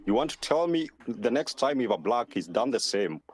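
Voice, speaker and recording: Husky Kenyan man arguing as a caller. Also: very animated, moderate pace. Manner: argumentative, insistent, pitch swings widely.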